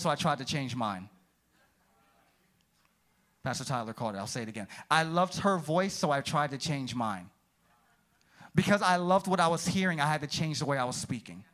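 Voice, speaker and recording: A man preaching a sermon as pastor in a church, swinging from loud high peaks down to low quiet asides and calling out to the congregation. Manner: energetic, rises to high shouted peaks then drops low; calls out "come on", "praise the Lord" to the congregation.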